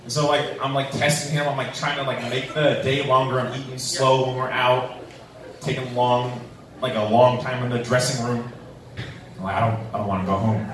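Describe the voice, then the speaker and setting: A man's voice: medium pitch, little pitch movement, moderate pace. A young man doing a stand-up comedy set, with a rambling manner full of fillers. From New Mexico, USA. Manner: rambling, filler-heavy storytelling with many "like"s and "um"s. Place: comedy club stage. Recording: echoey room, distant mic, faint room noise.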